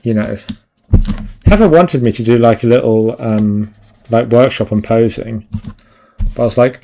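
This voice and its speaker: Drawing live on stream, this concept artist talks in an unhurried, warm, mid-range voice with frequent pauses. His casual chat wanders, turns self-deprecating, and often drifts off unfinished.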